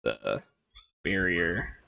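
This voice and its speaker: Male gamer, unhurried, loose and rambling commentary with plenty of laughs and swearing, dry close sound. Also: sits low, very animated, vocal fry, bright, forceful tone, dry recording. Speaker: gaming streamer. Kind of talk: casual gameplay commentary.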